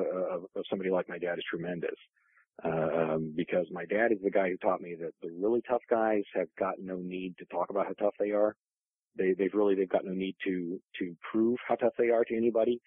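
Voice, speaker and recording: A man's voice: deep voice, husky, no room sound. A man telling family stories in a casual interview, rambling with many restarts and fillers. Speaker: guest author. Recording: tinny phone-line audio.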